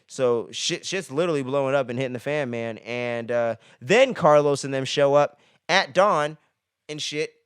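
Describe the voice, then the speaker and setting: A man's voice: mid-range voice, moderate pace, clean tone, no room sound, studio quality. A man giving a casual spoiler movie review, slangy and profane, who keeps ending his sentences with "man.". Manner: slangy and profane, ends many phrases with "man".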